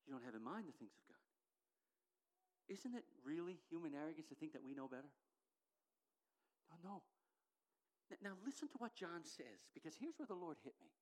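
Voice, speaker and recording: A middle-aged woman delivers a sermon, her pitch swinging widely as she presses her points. She talks emphatically and climbs to loud, ringing declarations, then drops back to earnest, close talk. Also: big pitch swings, a little fast, long pauses. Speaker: preacher.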